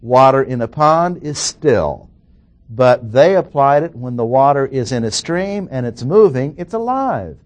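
A man teaching a verse-by-verse Bible lesson, explaining slowly and deliberately and repeating key phrases. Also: mid-range voice.

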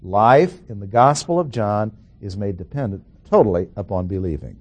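A middle-aged man teaching a Bible lesson in a slow, deliberate way, repeating key phrases for emphasis. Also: lowish voice, lively intonation, a little mellow.

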